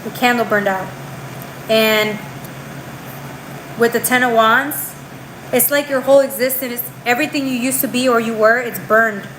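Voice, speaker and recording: A low-quality recording with a little hiss or hum captures a woman whose voice is on the high side and a bit bright. She moves at a moderate pace but pauses often while giving a live tarot reading. Slangy and chatty, she calls the viewer girl and bro, keeps saying "right?", and often restarts or trails off mid-phrase.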